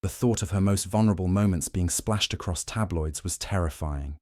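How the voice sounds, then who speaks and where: Deep low male storyteller, dry close sound, measured. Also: darkish tone, no echo. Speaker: narrator. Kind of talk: scripted narration.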